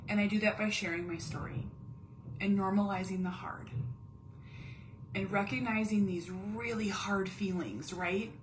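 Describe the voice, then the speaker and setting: Woman, 30s, mom vlogger, earnest confiding monologue, middle pitch, faint rumble, home recording. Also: steady tone, measured pace, low-quality recording. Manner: earnest, confiding, drops to whispers on painful feelings. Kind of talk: candid personal monologue.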